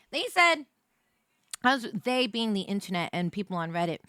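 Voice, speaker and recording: An American woman streamer chatting casually on a live stream, jet-lagged and tired, rambling with many fillers and bursts of excitement. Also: mid-range voice, measured pace, clean tone, dry recording, studio quality. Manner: excitable, rambling, many fillers, swings between mumbling and squealing.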